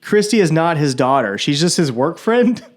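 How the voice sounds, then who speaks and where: A man's voice: a little high, very animated. A man co-hosting a comedy podcast about a horror film, chatting casually and acting out characters' lines in little voices. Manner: laid-back, quick to quote characters in little voices. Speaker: podcast co-host.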